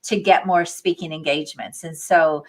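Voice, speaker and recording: A woman's voice: deep voice, steady tone, moderate pace. A woman hosting as a business coach, giving enthusiastic, encouraging advice in casual chat.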